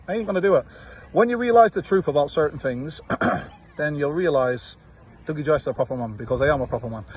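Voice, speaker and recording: Slightly high and a bit mellow with a breathy edge, this Manchester-accented voice belongs to a fight promoter from Manchester, England. Outdoors watching football, he films a confrontational reply video straight to camera, needling with repeated "yeah?".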